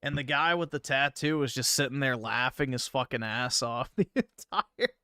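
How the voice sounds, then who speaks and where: Male streamer, bright and clean tone, dry close sound, blunt and sweary commentary. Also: medium pitch, moderate pace, clear, resonant tone, no room sound. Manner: blunt, swears constantly, scoffing. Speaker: streamer reacting to another stream. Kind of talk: casual profane livestream commentary.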